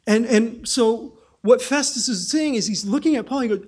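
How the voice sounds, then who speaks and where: A man preaching a sermon in an animated way, often restarting phrases and acting out the people he quotes. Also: extremely high pitch, normal speed, hardly any pauses, husky. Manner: animated, acts out quoted voices, frequent restarts.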